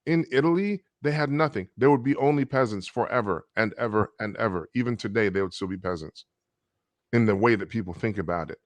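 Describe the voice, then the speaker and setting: A man speaking as a guest in an emphatic, animated conversation. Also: on the low side, a little fast, dry recording. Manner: emphatic, acts out voices to make points. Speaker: guest artist.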